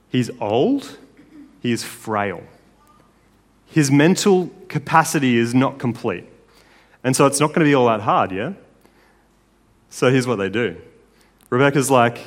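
A man's voice: mid-range voice, lively intonation, a little slow, pauses often. A man preaching a sermon in a casual, conversational way, often checking in with his listeners. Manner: casual, conversational, with tag questions. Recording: long hall reverb.

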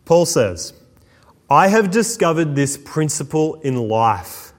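A man preaching a sermon, swinging between slow, hushed emphasis and quick asides. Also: a little high, very animated. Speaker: pastor. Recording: long hall reverb.

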